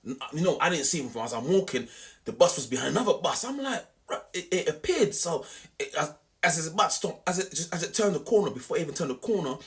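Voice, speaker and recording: A young man telling a story to camera in an animated, slangy, repetitive way. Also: a little high, fast. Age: young adult. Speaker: vlogger.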